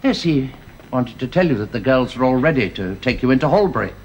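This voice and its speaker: A calm, wise older grandfather in a radio drama, as a man plays him. His voice rises and falls lively as he reassures in a measured way. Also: medium pitch, dull audio, noisy background, close to an everyday voice.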